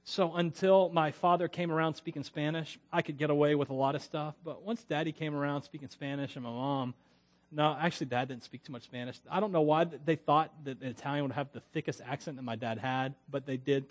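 A pastor from Florida delivering a sermon in a loose, conversational style. He wanders into side stories and chuckles often, and his male voice sits a little higher than most men's. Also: fairly even intonation, fast talker. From Florida, USA.

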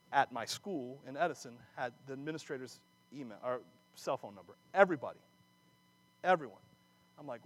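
A man giving a sermon, animated and chatty, often breaking off mid-phrase to start again and slipping in jokey asides. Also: a little high. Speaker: preacher. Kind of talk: sermon with personal stories.

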